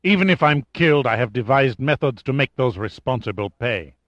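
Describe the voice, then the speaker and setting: A man's voice: mid-range voice, expressive, brisk, a bit bright, no echo, lightly acted. A man voicing a hissing, enraged villain. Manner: hissing, venomous. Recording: dull lo-fi audiobook recording.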